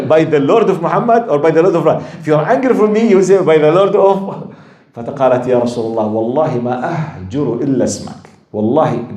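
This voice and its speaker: A man giving a religious lecture, telling stories in a lively way and acting out the quoted lines. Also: mid-range voice, echoey room. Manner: animated storytelling, acts out quoted lines, laughs with audience. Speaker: Islamic lecturer.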